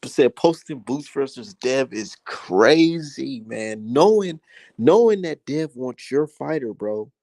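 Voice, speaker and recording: A young man hosting his own boxing commentary, talking casually in a heated, profane rant that climbs high when he gets worked up. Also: expressive, takes it slowly, a little mellow, no room sound.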